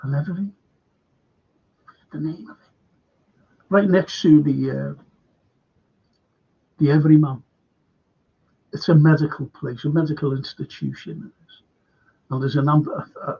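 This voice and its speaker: Scouse male streamer, gravelly and husky, slightly raised pitch, lo-fi dull stream audio, rambling anecdotal delivery. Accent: Liverpool (Scouse). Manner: meandering, many restarts and asides, earnest. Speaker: current affairs livestream host.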